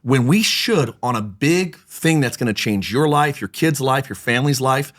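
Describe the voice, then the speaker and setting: A man, a pastor and church planter, telling stories as a guest in a podcast interview, lively and joking. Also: medium pitch, moderate pace. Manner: lively storyteller, acts out quotes, jokes.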